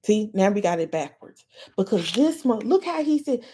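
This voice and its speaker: A woman's voice: medium pitch, very animated, moderate pace, dark tone, slight background noise. A woman podcast host on a live stream, ranting in a heated, profane way.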